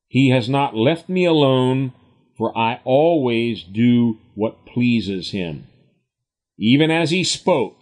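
A man teaching a Bible study, reading scripture aloud and explaining it with emphatic commentary. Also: medium pitch. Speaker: preacher.

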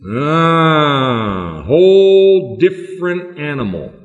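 A man preaching a sermon as a pastor, emphatic and slowing down on key words. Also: fairly high pitch, animated, a bit bright. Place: church hall. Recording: echoey hall with long reverb.

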